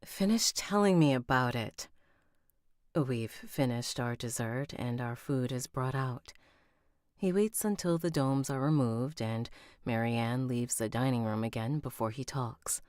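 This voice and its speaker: A woman's voice: very deep voice, measured pace, darkish tone, no echo, clean studio sound. A woman reading an audiobook aloud on a live stream, breaking off to chat with viewers and redo lines.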